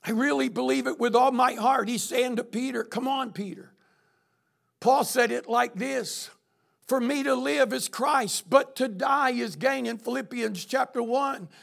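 A man preaching a sermon, often shouting as his intensity rises. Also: extremely high pitch, a little slow, gravelly. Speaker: pastor.

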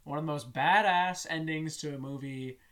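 A man's voice: fairly high pitch, moderate pace, a bit bright. A young man co-hosting a casual chat, enthusiastic and swearing freely. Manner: enthusiastic, profane. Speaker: podcast co-host.

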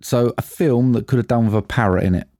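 A man's voice: mid-range voice, fast, dark tone, no room sound. A man co-hosting a podcast, laid-back and casual, swearing and calling his friend mate. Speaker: podcast co-host. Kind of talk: casual chat.

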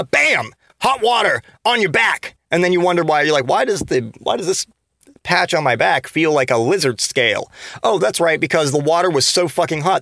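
A man's voice: fairly high pitch, a bit bright, no room sound. A man hosting a podcast, ranting in a casual comedic monologue full of swearing, sarcasm and restarts. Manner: profane, sarcastic rambling rant; frequent restarts and trailing asides. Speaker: podcast host.

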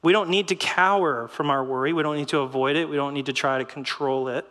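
A middle-aged man giving a sermon in a lively, conversational way, with rhetorical questions and short laughs. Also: on the high side, fast, long reverb tail. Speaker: pastor.

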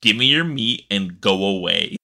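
A man's voice: lowish voice, expressive, moderate pace, vocal fry, sharp tone. A man co-hosting a casual gaming podcast, sarcastic and swearing freely. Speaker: podcast co-host.

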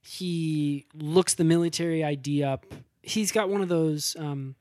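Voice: mid-range voice, unhurried, a little mellow, dry recording, clean studio sound. A person casually retelling a long funny story in a rambling, amused way, with many hesitations.

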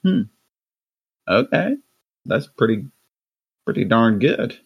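Rambling mid-pitched male podcast host. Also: very animated, slow, gravelly, husky, dull audio. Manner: rambling storyteller, lots of restarts and fillers. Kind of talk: casual podcast chat.

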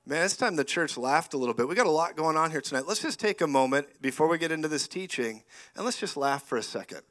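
A middle-aged man preaching a lively charismatic sermon, animated and often laughing, rising to loud exclamations. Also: fairly high pitch, fast talker.

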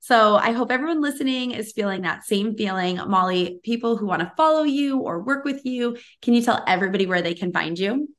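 A woman's voice: fairly high pitch, expressive, fairly quick, few pauses. A woman in her thirties hosting a podcast, chatting in an effusive, casual way with lots of fillers. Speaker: podcast host. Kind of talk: casual interview chat.

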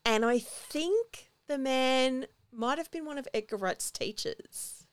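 Chatty woman with a smooth voice. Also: high voice, slow, dry recording, studio quality. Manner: chatty, enthusiastic, acts out quotes. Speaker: podcast host. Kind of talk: casual chat recapping a film.

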